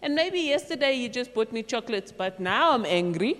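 A woman leading a youth group, talking through faith in a casual, animated way and acting out quotes as she goes. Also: a little high, normal speed. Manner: chatty, animated, acts out quotes and laughs. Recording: long echo in a large hall.

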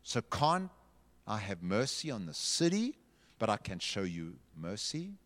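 God chides a sulking prophet, stern yet forgiving, with a lively, swooping delivery, played by a man. The voice rolls through a reverberant hall. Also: fairly low pitch, unhurried, voice pushed down. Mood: scolding. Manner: scolding, questioning.

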